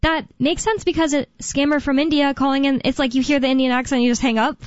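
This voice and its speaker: A woman's voice: sits high, steady tone, quick pace, dry recording, lo-fi sound. Talk radio host, woman, casual rambling delivery, close dry studio sound. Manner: chatty, rambling with fillers and restarts.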